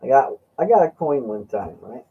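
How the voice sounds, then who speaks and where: Hosting a laid-back conversation, this man speaks at normal speed in a mid-range voice with big pitch swings, vocal fry, and slight roughness. He rambles through stories, laughs, and imitates what his friend said, all on a dull lo-fi recording.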